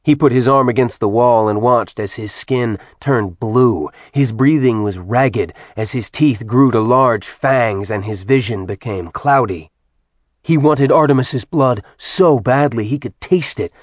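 A man reading a dramatic fantasy audiobook aloud in steady, dramatic storytelling narration. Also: mid-range voice, a little slow, no echo. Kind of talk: scripted narration.

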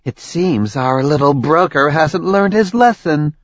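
A cruel, mocking goddess who taunts her captive and barks orders in a demonic tone, as a male audiobook narrator puts her on. Her lines come slow and drawn out over a dull, dry recording. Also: fairly high pitch, lively intonation, no echo, pitched above the performer's own voice. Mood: scheming. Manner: mocking, menacing, shouts orders.

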